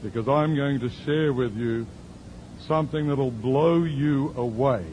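A man's voice: medium pitch, a little slow, darkish tone, slight background noise, poor audio. A male pastor preaching a sermon as a story, with dry, sarcastic asides.

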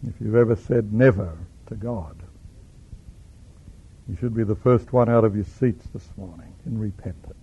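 A man's voice: fairly low pitch, normal speed, pauses often, warm tone, slightly rough. A man preaching a sermon, telling stories dramatically and acting out the people in them. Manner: dramatic, storytelling with acted quotes. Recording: dull lo-fi recording.

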